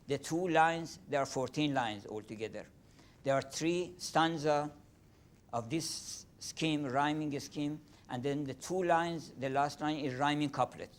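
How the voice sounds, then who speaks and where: Older man, Persian-accented lecturer. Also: on the high side. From Iran. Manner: halting, many fillers and restarts. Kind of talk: lecture on poetry.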